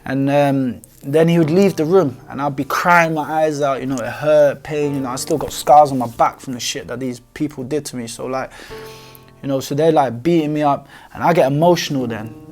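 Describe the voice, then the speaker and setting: Young guy talking straight, loads of slang and swearing, mid voice, bit of music low behind. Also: moderate pace, a little mellow. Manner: informal street slang, frequent swearing and fillers. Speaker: documentary subject telling his life story. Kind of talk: candid storytelling to camera.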